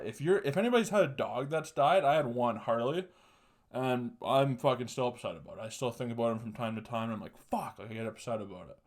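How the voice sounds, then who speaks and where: A man's voice: mid-range voice, expressive, fairly quick. A young man hosting a solo podcast, telling a story casually, swearing constantly and laughing mid-sentence. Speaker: podcast host.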